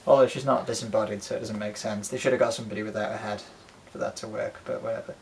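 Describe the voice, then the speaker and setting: Casual collector co-host, male, creaky voice, loose and rambly, swears a lot. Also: on the low side, fairly even intonation, fast talker, a little mellow, slight background noise, rough recording. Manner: rambling, swears freely, many ums. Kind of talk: casual chat showing a collection.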